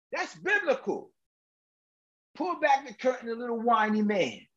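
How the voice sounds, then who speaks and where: A man's voice: very high-pitched, sing-song, measured pace, pauses often, rough recording. A male preacher delivering an emphatic, colloquial sermon, firing rhetorical questions at the congregation.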